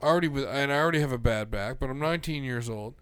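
A young man co-hosting a casual chat, telling loud, profane stories. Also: mid-range voice, quick pace, clear, resonant tone, dry recording. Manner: swearing, loud storytelling. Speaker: podcast co-host.

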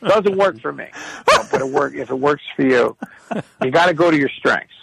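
A man's voice: fairly high pitch, expressive, normal speed, creaky, a bit bright, breathy edge, dry recording, poor audio. A man telling rambling, profane stories in casual chat on a podcast. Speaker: podcast guest storyteller.

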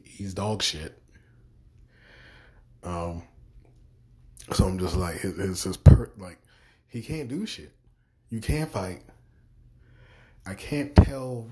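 A young man with a lowish, slightly mellow voice hosts a podcast, ranting in exasperation through a profane review. He swears heavily and repeats words.

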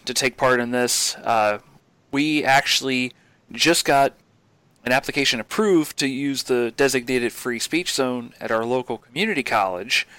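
A man's voice: medium pitch, fairly bright tone, dry recording. A man hosting a ministry talk show, chatting in an earnest, conversational way. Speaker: host. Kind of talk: casual chat.

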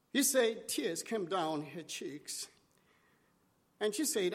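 High-voiced man preaching slowly in a hall. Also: expressive. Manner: dramatic, halting delivery in short phrases. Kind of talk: sermon storytelling.

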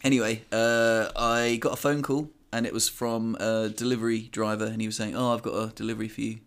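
A man's voice: on the low side, little pitch movement, brisk, smooth. A man co-hosting a podcast, telling a self-mocking anecdote in casual chat. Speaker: podcast co-host. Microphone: headphones on, podcast mic.

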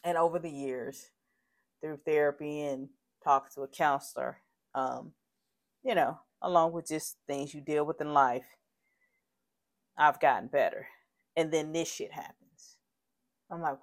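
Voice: medium pitch, fairly even intonation, a little slow, long pauses. Podcast host, personal monologue, candid, rambling, shaken, heated, profane.

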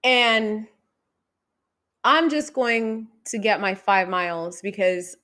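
A woman telling stories in a frank, profane, casual monologue, jumping between loud outbursts and quiet, trailing asides. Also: mid-range voice, animated, slow. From San Diego area.

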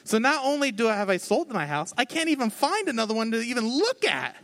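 A man preaching a conversational sermon from the stage, telling his own story candidly with lively, expressive delivery. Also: very high voice, brisk, vocal fry. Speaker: pastor. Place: on stage before a congregation.

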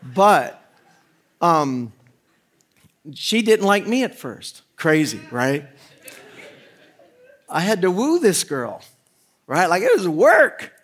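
A married man preaching a sermon with funny personal stories, swinging from quiet asides to loud, excited bursts. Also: high voice, slow, pauses often. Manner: animated storytelling, jokey asides, loud swings in volume. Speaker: pastor. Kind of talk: humorous sermon.

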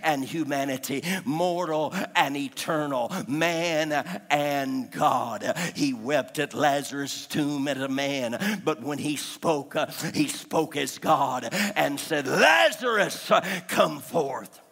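Man, pastor, sermon, very slow delivery, "uh" fillers, hushed passages, live hall echo. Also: medium pitch, steady tone. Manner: slow preaching cadence with frequent "uh" fillers, dropping to hushed whispers. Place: church service. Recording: live church recording in a reverberant hall with faint music.

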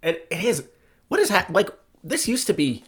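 A man's voice: high-pitched, very animated, moderate pace, slightly rough. A male podcast co-host in casual banter, wry and teasing. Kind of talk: casual chat.

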